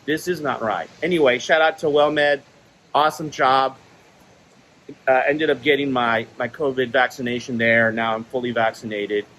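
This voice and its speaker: A man's voice: mid-range voice, level tone, moderate pace, a bit bright, rough recording. A man casually telling personal stories in a monologue, laughing often and acting out the quoted exchanges. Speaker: vlogger sharing stories.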